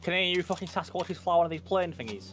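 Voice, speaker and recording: Fast-talking young gaming teammate. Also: male voice, high-pitched, lively intonation, fairly bright tone, soft background music. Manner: quick, joking callouts. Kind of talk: casual gaming chat.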